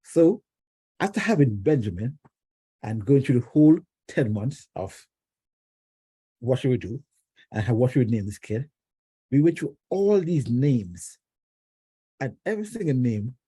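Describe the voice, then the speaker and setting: Man, from Jamaica, club speech, very dark husky voice, animated pitch, restarts often. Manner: storytelling with acted quotes, frequent restarts. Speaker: club member giving an icebreaker speech. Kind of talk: personal prepared speech. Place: club meeting room.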